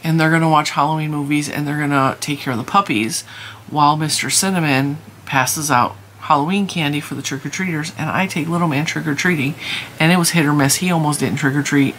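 A woman's voice: low voice, steady tone, fairly quick, fairly bright tone, a little hiss or hum. A tired middle-aged woman chatting casually to camera at home, rambling with many restarts and sounding worn out. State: exhausted and teary. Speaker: crochet channel host.

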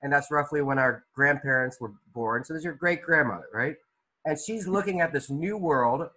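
A man's voice: medium pitch, pushed and bright, slightly rough, poor audio. A male art teacher leading an online class discussion, asking students questions by name, with loose, restart-filled phrasing. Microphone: video call.

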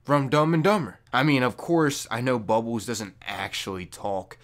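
A young man making a casual gaming vlog into a microphone, loose and jokey, with loud high-pitched bursts when he mocks people. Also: normal speed. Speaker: gaming YouTuber. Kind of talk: casual talking-to-camera vlog. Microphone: desk microphone.

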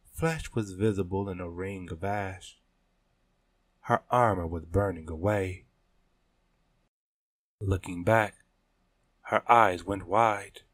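A man narrating a story in a measured, deliberate reading style. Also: sits low. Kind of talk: scripted audiobook narration.

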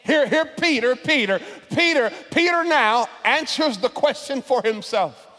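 A preaching pastor with a strikingly high voice, heard in a large church where his words ring with a long reverb. He restarts phrases and repeats words as he builds momentum, then rises to shouted peaks. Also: expressive, unhurried. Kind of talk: sermon.

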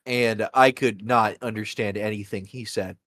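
A man hosting a casual wrestling podcast, talking in halting bursts with lots of fillers. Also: lowish voice, fairly even intonation, fairly bright tone, no room sound, clean studio sound. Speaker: podcast host. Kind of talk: casual chat.

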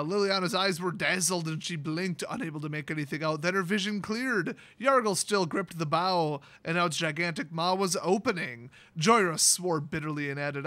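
A man with a high, bright, sharp voice casually recaps a fantasy story for his channel. He rambles with plenty of fillers and throws in sarcastic, irreverent jokes as he goes. The sound is close and dry. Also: no echo. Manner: loose, rambling delivery with many fillers. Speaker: YouTube host recapping a story.

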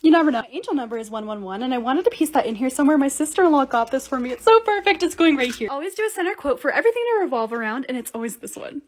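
Bubbly high-voiced woman vlogger. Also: rapid-fire, few pauses. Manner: bubbly, excitable, self-mocking. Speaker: lifestyle creator. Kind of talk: voice-over for short DIY and restock videos.

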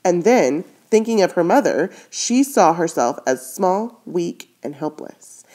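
A woman's voice: on the low side, expressive, measured pace, dark tone. A woman reading a children's novel aloud chapter by chapter, stopping to comment on the story and correcting her own slips as she goes. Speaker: reader.

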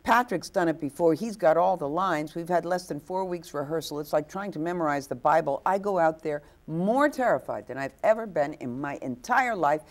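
A woman's voice: sits low, animated, normal speed, few pauses. A woman guest actress telling stories in a hesitant way, full of fillers and restarts, acting out the quotes. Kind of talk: anecdotal storytelling. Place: inn overlooking the ocean.

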